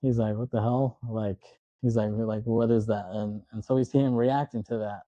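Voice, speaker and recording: A man co-hosting a podcast, retelling a film scene by scene in casual, rambling chat, slipping into quick voices for the characters. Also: lowish voice, steady tone, dark tone, no echo, lo-fi sound. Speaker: podcast co-host.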